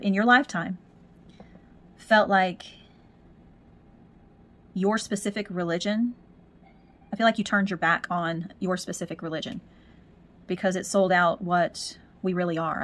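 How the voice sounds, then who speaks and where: A woman's voice: mid-range voice, fairly even intonation, moderate pace, long pauses. A woman giving a spiritual tarot reading, talking in a musing way and repeating words as she searches for messages. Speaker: tarot reader.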